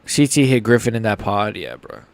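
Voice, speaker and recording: A young man hosting a casual live reaction stream. He swings between mumbled asides and loud, excited outbursts. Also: fairly low pitch, normal speed, vocal fry, dry recording. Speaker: host.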